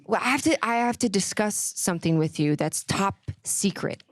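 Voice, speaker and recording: A woman co-hosting a comedy podcast, speaking in a deadpan, mock-serious way. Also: mid-range voice, normal speed, no room sound, clean studio sound. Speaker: podcast co-host. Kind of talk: deadpan comedic sketch chat.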